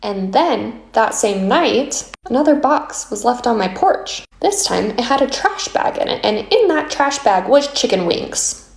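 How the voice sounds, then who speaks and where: A woman's voice: a little high, expressive, unhurried, creaky. Matter-of-fact woman storyteller, echoey room. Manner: matter-of-fact, recounts events step by step. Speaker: homeowner telling a story in a social video. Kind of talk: casual storytelling to camera.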